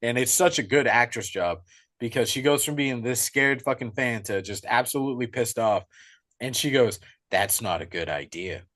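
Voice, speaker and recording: A young man co-hosting a podcast, retelling a horror film in an excitable, profane, casual way. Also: mid-range voice, normal speed. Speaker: podcast co-host. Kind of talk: casual movie recap.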